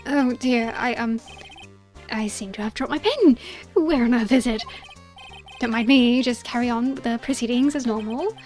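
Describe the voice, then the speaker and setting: A woman's voice: on the high side, moderate pace, a little mellow, soft background music, natural voice. A woman voicing a timid, fussy old male judge who stammers and hesitates. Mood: flustered.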